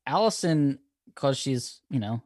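A man's voice: medium pitch, lively intonation, measured pace, a little mellow, no room sound, clean studio sound. A man hosting an interview, easygoing, asking questions in loose run-on sentences. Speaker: podcast host. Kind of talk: casual interview chat.

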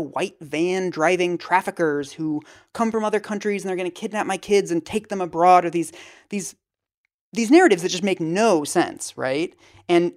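A woman guest talking in a casual interview, quick and animated, sometimes acting out other people's voices. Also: on the low side.

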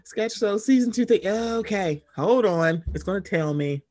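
A woman co-hosting a podcast in casual chat, animated and expressive, swearing freely. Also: medium pitch, unhurried. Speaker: podcast co-host.

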